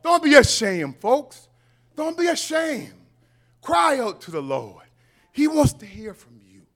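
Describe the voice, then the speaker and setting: A man preaching a sermon with passion, building to shouted, repeated refrains and calling on the congregation to respond. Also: very high voice, huge pitch swings, slow.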